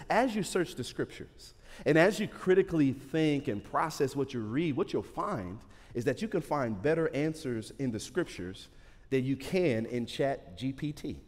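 A man preaching a sermon to his church in a lively, joking, conversational way. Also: fairly high pitch. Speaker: pastor. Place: large church hall. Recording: hall reverb.

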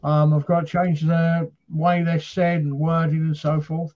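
A man's voice: on the high side, level tone, measured pace, highs cut off, background noise. A man from Britain hosting a paranormal chat show, telling stories in a rambling, casual way with lots of fillers.

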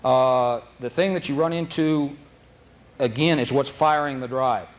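A man teaching a dog training seminar in a folksy, animated way, acting out dogs' thoughts in silly voices, recorded on a noisy old video tape. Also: mid-range voice, measured pace. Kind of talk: seminar lecture.

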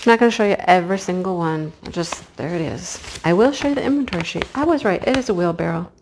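A woman chatting casually to her viewers as she unboxes a craft kit, gushing with excitement. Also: on the low side, quick pace, slight background noise. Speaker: craft vlogger.

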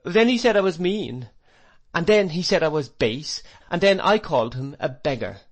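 A man reading an audiobook, voicing a proud teenage schoolboy who speaks loudly and heatedly. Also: fairly low pitch, lively intonation, moderate pace. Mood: defiant. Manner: loud, heated, defiant. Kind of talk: audiobook character voice.

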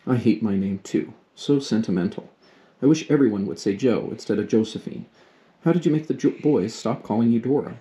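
A man voicing a lively, frank teenage girl, eager and a little awkward, as he reads a storybook aloud. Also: on the low side, brisk, lightly acted. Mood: candid.

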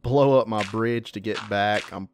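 A man's voice: on the low side, a little slow, noisy background. A man giving casual, chatty commentary while playing a video game, often yelping when startled. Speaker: let's play gamer.

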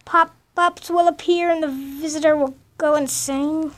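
A woman's voice: high-pitched, fairly even intonation, unhurried, a bit bright. A woman playing a horror game and commentating casually, rambling and nervous as she goes. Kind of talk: casual let's-play commentary.

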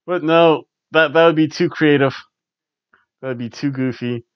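On a casual podcast reviewing wrestling, this male host talks at a normal speed in a smooth, higher-pitched voice. He rambles with a wry edge and chuckles frequently, and the audio is dry, dull and lo-fi with no echo.

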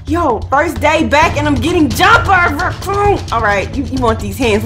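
A young woman giving playful, slangy let's-play commentary, excitable and reading game dialogue aloud. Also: sits high, normal speed, hardly any pauses, soft background music. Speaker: gaming streamer.

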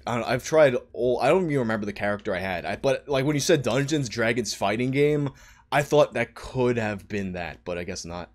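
A man's voice: mid-range voice, animated, a little fast. A man chatting casually while playing a game on stream, often trailing off mid-thought. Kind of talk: casual chat while gaming.

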